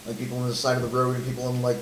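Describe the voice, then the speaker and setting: A man co-hosting a casual podcast, telling stories in an animated way and swearing casually. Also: medium pitch, racing. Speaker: podcast co-host. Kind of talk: casual chat. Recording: roomy echo, crowd noise behind.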